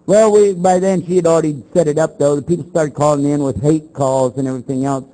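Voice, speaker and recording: An older man lectures as a Muslim preacher, his voice pitched high for a man. The tone is warm and mellow rather than bright. He talks bluntly, fires rhetorical questions and slips into other voices to act out his stories. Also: fast talker, poor audio. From Texas. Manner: animated storytelling, acts out both sides of the exchanges. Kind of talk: lecture to an audience.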